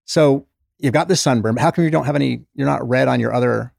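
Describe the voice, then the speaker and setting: A man's voice: mid-range voice, fast, creaky, dry recording, studio quality. A middle-aged man, a former doctor, telling stories in an interview and acting out the voices of the patients he quotes. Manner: animated storyteller who acts out patient quotes. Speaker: former doctor, author, guest. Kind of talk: conversational interview storytelling.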